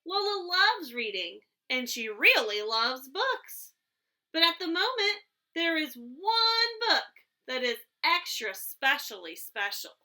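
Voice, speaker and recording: A woman teacher reading a picture book aloud to her class in a gentle storybook manner. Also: high voice, big pitch swings, slow.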